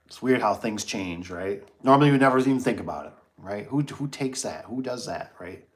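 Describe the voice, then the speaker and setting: A man's voice: on the low side, expressive, a little fast. A middle-aged man hosting a casual livestream, telling a story and reading chat comments, acting out his own reactions.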